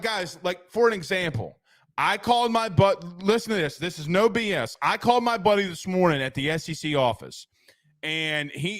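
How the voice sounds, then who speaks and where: Ranting high-voiced sports talk host. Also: male voice, no echo, clean studio sound. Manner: animated, ranting, reads chat comments. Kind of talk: casual postgame sports talk.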